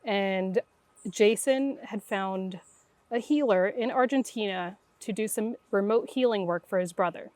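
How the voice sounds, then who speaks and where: A woman's voice: mid-range voice, unhurried, no room sound. A middle-aged woman, a guest intuitive, telling her story in conversation and acting out the voices of the people in it. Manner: animated, acts out quoted dialogue.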